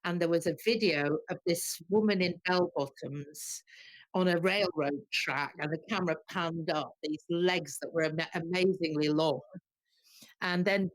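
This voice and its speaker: A woman guest singer telling lively, animated anecdotes in an interview, acting out the quotes. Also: on the low side, unhurried, no echo. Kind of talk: storytelling interview.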